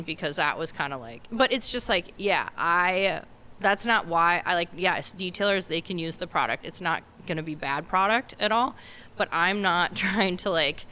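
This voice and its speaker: Bright-voiced woman rambling on a podcast. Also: on the low side, clear, resonant tone. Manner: rambling, filler-heavy, frequent restarts. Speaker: podcast guest, car detailer. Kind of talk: casual podcast chat.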